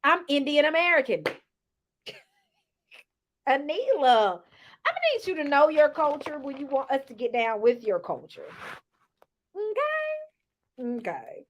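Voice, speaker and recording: A woman's voice: sits high, moderate pace, pauses often, a little hiss or hum. A woman casually recapping a reality TV episode, chatty and sassy, often acting out what people said. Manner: animated, acts out cast members' lines.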